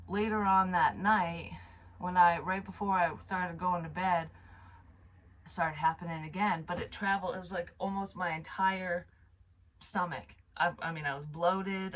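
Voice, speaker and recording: A woman's voice: lowish voice, a bit bright, rough recording. A woman psychic medium telling a personal story to camera in a casual, frank way, swearing freely, sighing and trailing off mid-sentence.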